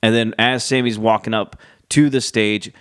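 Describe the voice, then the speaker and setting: A man's voice: fairly low pitch, moderate pace, smooth, no echo, clean studio sound. A man casually recapping a wrestling show, chatty, with many fillers and restarts. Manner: chatty, acts out quotes in lively voices.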